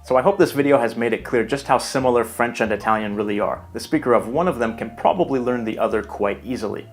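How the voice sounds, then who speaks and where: A man giving a scripted language lesson in a measured, explanatory way. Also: mid-range voice, faint music behind. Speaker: language teacher. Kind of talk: scripted educational narration.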